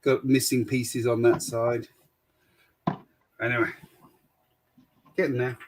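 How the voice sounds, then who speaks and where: A man's voice: medium pitch, flat delivery, slow pace, poor audio. A man hosting a livestream, chatting casually and matter-of-factly while building, with a dry humour. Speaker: host.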